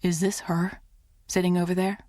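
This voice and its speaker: A woman's voice: lowish voice, level tone, normal speed, warm tone, no room sound, lightly acted. A woman doing a dry, drawling boss man. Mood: tense. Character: composed wealthy boss, adult man, dry and controlled.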